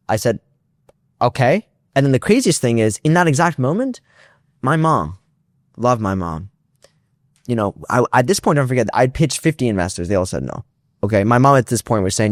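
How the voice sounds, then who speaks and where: A man's voice: medium pitch, lively intonation, brisk, no room sound, clean studio sound. A young man, a startup founder, casually telling a story in an interview, acting out both sides of phone calls with lots of restarts and fillers.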